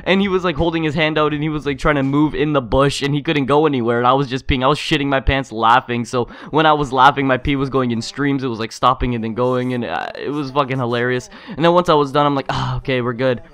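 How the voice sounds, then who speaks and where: A man's voice: mid-range voice, quick pace, few pauses, fairly bright tone, smooth, no room sound. A young man telling a story for his vlog, rambling, swearing often and filling his speech with "like". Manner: rambling, profane, filler-heavy. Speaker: YouTuber.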